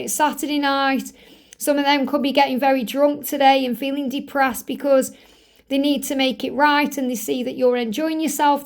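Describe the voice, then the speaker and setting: Woman tarot reader, high-pitched, reassuring, repeats phrases for emphasis. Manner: earnest, reassuring, speaks straight to the viewer. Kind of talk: tarot reading to camera.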